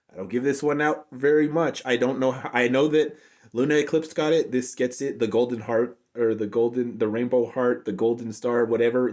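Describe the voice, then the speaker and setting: A man's voice: mid-range voice, a little mellow. A man giving an unscripted, casual review, rambling along and saying "like" constantly. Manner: rambling, heavy use of "like" fillers. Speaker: show reviewer.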